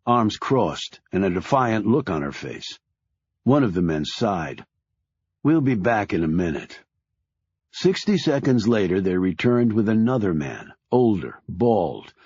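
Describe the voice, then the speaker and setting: A man giving measured, deliberate scripted audiobook narration. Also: on the low side, very animated, a little mellow, slightly rough, no echo, lo-fi sound.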